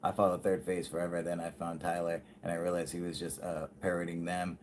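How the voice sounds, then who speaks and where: Casual male live-stream host, deep voice, profane and giggly, riffing off chat. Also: level tone, fairly quick, a little mellow, a little hiss or hum. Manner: swears constantly, laughs often, reads chat aloud.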